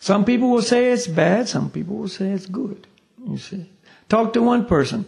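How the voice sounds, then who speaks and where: A man with a fairly high, gravelly voice gives a spiritual class lecture. He talks in a loose, conversational way, keeps adding "you see" and plays out short back-and-forth dialogues as he teaches. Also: expressive, moderate pace, darkish tone. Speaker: meditation teacher. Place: meditation class room.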